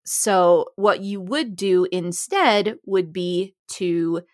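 Low-voiced opinionated woman podcaster. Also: very slow, no echo, clean studio sound. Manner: opinionated, laughs often. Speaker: podcast co-host. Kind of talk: casual chat.

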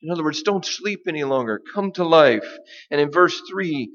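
A man's voice: fairly high pitch, expressive, fairly bright tone. Emphatic male preacher, dull recording. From United States. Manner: deliberate, emphatic preaching with dramatic pauses. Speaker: pastor. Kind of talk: sermon.

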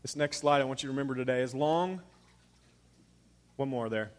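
A man in his thirties preaching a sermon as pastor, emphatic, swinging between loud urging and hushed near-whispers. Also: mid-range voice, brisk, long reverb tail.

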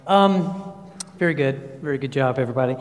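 A pastor in his fifties preaching in a church through a sound system, an animated storyteller with many fillers and restarts. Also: medium pitch, a little fast. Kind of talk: sermon with personal anecdotes. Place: church sanctuary. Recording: long reverb of a large hall.

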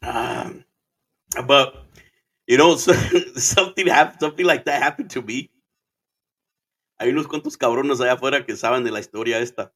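Arizona guy in his 30s rambling thru a story, cussing a lot, mixing in spanish, normal pitch. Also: moderate pace, pauses often, fairly bright tone. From Arizona, USA. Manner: rambling, profane, switches into Spanish phrases. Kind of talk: casual storytelling monologue.

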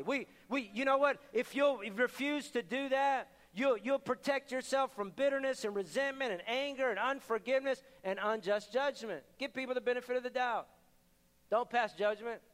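A man's voice: very high voice, fairly bright tone. A male pastor preaching a conversational sermon, often repeating his words and acting out the people in his stories. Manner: conversational, repeats words, acts out quoted voices. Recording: long hall reverb with faint music.

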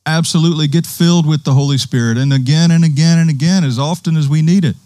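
A man's voice: on the high side, a little mellow, dry recording. A man preaching a sermon in a conversational way, quoting scripture with emphasis.

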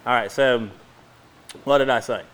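A middle-aged man preaching a sermon in a fast, folksy way, with bursts of emphasis between quick asides. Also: medium pitch, fairly bright tone, clear, resonant tone.

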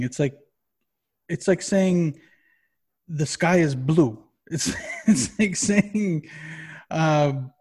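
A man co-hosting a podcast in casual chat, rambling and swearing constantly in an animated way. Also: fairly high pitch, husky. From Massachusetts. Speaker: podcast co-host.

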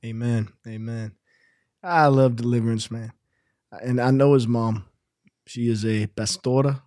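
A man's voice: mid-range voice, fairly even intonation, measured pace, dark tone, no room sound, clean studio sound. A man hosting a podcast, chatting casually and teasing his co-host with a story. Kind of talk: casual chat.

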